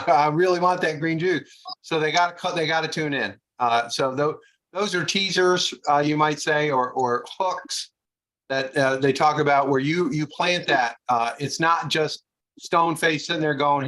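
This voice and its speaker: Relaxed man explaining a sales clip. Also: fairly high pitch, low-quality recording. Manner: relaxed, explanatory, many "uh" fillers. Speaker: presenter. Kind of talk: explaining a video clip to a class.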